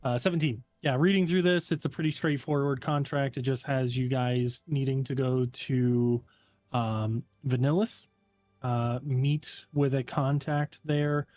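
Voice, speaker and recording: A man acting as game master, explaining a contract to the players in a relaxed, halting way with many fillers. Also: mid-range voice, no room sound, faint music behind. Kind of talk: narrating a tabletop game.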